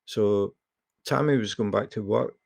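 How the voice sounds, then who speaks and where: A man's voice: lowish voice, measured pace, creaky, darkish tone, dry recording, studio quality. A man with a Scottish accent hosting a live chat, telling a rambling anecdote with plenty of fillers. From Scotland. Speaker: livestream host. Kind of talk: casual storytelling chat.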